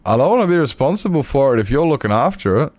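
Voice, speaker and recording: Rambling Australian man with a lively voice. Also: mid-range voice, fast, no room sound. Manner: rambling, self-mocking, chatty with viewers. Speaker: game streamer. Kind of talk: casual live-stream chat while playing.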